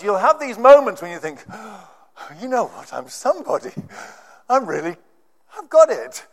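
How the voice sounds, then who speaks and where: A man's voice: sits high, a bit bright. A man preaching a sermon, emphatic and swelling on key phrases. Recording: long church reverb.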